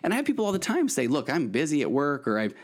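A man's voice: a little high, wildly swooping pitch, fast. A middle-aged man, a therapist hosting his podcast, giving earnest advice in a rambling way with many restarts. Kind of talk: solo podcast monologue, advice.

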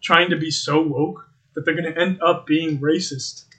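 A man's voice: on the high side, normal speed. A young man co-hosting a podcast, telling stories in blunt, profane, casual banter. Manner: blunt, profane, lively storytelling. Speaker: podcast co-host.

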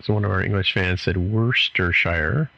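A man's voice: fairly low pitch, a little fast, gravelly, a bit bright. A Canadian man co-hosting a podcast in casual chat, rambling and thinking aloud as he looks things up. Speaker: podcast co-host. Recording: dull, lo-fi mic.

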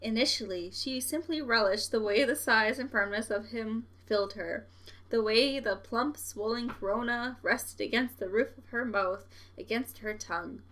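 Young woman, bright clear voice, a bit high, slow deliberate read-aloud, giggly podcast host. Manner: reads in a slow, deliberate cadence, breaking into giggles. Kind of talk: reading aloud on a livestream, with joking asides.

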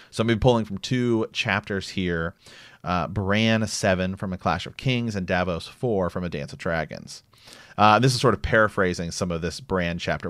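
A man's voice: deep voice, no echo, studio quality. A man hosting a podcast, chatting casually and reading book passages aloud, rambling with frequent restarts. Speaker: podcast host.

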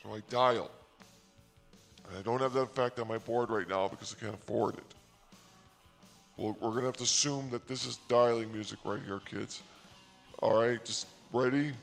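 A man hosting his own channel, telling a comic story in a rambling, self-mocking, deliberately naive way. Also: medium pitch, steady tone, vocal fry, faint music behind. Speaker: comedic storyteller and channel host.

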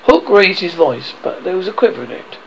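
A man narrating an audiobook in an expressive way, now and then stumbling and rereading words. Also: sits high, a little fast, vocal fry, a little hiss or hum, low-quality recording. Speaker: reader.

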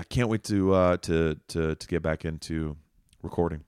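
A man's voice: low voice, a little slow, clean tone, no echo, studio quality. A man hosting a podcast, giving a casual update in a rambling, jokey way that keeps wandering off on tangents. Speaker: podcast host.

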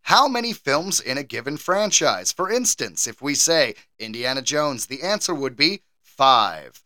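A man's voice: mid-range voice, a little slow, dry recording. A man co-hosting a casual podcast, joking and laughing as he talks and running a movie trivia game. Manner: animated, laughs often, jokey. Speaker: podcast co-host; game show quizmaster.

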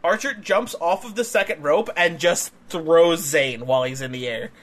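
A young man co-hosting a wrestling podcast, recapping a match in casual, excitable chat, swearing and laughing often. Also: fairly high pitch, normal speed.

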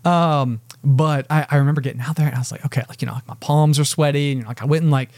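A man's voice: on the high side, steady tone, quick pace, darkish tone, dry recording. A man co-hosting a podcast in casual chat, rambling and self-deprecating, with many fillers. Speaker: podcast co-host. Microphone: podcast mic with headphones.

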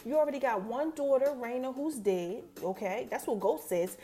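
Animated high-voiced woman recapping a show. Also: normal speed. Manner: animated storytelling, quoting characters, addresses listeners as y'all. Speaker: podcast host. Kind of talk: casual TV episode recap.

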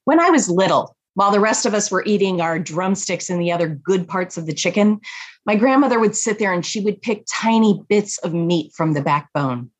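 A woman telling a family story in an unhurried, reflective way. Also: medium pitch, animated, husky. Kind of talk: personal story told to an audience.

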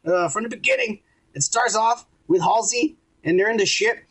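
A man hosting a podcast in casual chat, retelling scenes in a profane, animated way. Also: high voice, normal speed, slightly rough, rough recording. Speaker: podcast host.

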